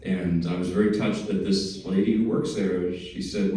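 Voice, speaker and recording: Low, mellow man in a big echoey hall. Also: fairly even intonation, normal speed. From New Jersey. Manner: chatty and self-deprecating, with small jokes and restarts. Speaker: pianist giving a lecture recital. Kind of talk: casual spoken introduction to a piece. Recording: very echoey hall, mic at a distance.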